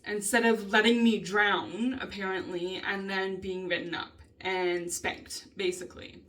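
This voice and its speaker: A woman venting in a casual vlog, upset and emotional, frustrated and swearing a lot with halting ums. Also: medium pitch, fairly even intonation, a bit bright. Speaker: vlogger. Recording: voice a bit distant from the mic.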